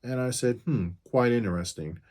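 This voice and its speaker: A man's voice: mid-range voice, normal speed, a little mellow. A mobile mechanic in his fifties tells the story of a pushy customer's phone call to camera, in a firm, blunt and straight-to-the-point way.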